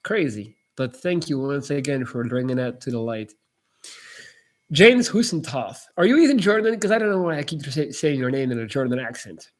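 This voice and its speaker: A man's voice: medium pitch, lively intonation, brisk, hardly any pauses. A man answering viewer chat on a casual live stream, blunt and emphatic and swearing freely.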